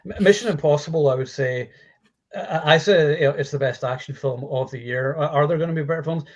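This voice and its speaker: A man co-hosting a casual film chat, talking in an animated way with lots of fillers and the odd swear word. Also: on the high side, a little fast, muffled recording. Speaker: podcast co-host. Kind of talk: casual chat about films.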